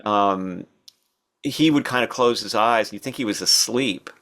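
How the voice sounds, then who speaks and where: An older man telling stories from his past as a podcast guest, thoughtful and unhurried, with fillers and restarts. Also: lowish voice, fairly bright tone. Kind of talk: relaxed storytelling interview.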